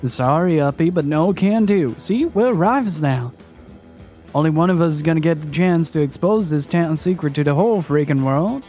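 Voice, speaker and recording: A man voicing a cocky male rival journalist in a video game, boastful and taunting, reading the lines a little higher than his own voice. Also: normal speed, darkish tone, soft background music, lightly acted.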